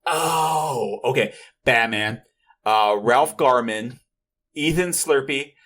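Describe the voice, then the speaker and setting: A man on a casual podcast, reading out a list and tripping over names. He hesitates and checks his pronunciation with the others. His voice sits at a middle pitch for a man. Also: fairly bright tone. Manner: halting, stumbles over names. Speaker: podcast co-host.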